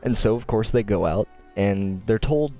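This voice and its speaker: Guy on a podcast ranting, swears a lot, storytelling all animated. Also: fairly low pitch, moderate pace, lo-fi sound, faint music behind. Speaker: podcast co-host. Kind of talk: casual opinionated rant.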